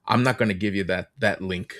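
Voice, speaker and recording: A man's voice: deep voice, fairly quick, a bit bright. A man in a podcast conversation, speaking candidly and bluntly about his own experiences.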